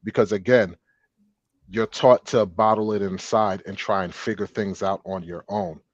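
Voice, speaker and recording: Low-voiced man making his point. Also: fairly even intonation, normal speed, dry recording, muffled recording. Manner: persuasive, asks "you feel me?". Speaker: panel guest. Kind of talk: casual group discussion.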